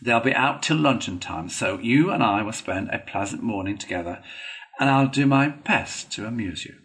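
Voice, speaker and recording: A bright-spirited water rat , voiced by a male storyteller, speaks in a brisk, hearty manner. The lines are lively and friendly in tone, from a storybook reading. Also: lowish voice.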